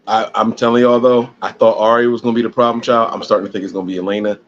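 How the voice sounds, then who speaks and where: On a dull, lo-fi recording with a little hiss or hum, a male podcast co-host rattles off rambling stories very fast in a lowish, flat voice. He keeps restarting and filling gaps with filler words.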